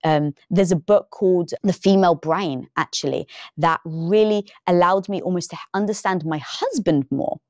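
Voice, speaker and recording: A woman guest in a casual interview, telling lively stories and acting out the lines she quotes. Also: lowish voice, moderate pace, no echo, clean studio sound. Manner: animated storytelling, acts out quoted dialogue. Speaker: podcast guest.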